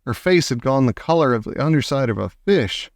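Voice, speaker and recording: A man narrating a children's novel aloud in a steady storytelling manner. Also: mid-range voice, a little fast, no room sound, clean studio sound. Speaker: audiobook reader. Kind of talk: scripted narration.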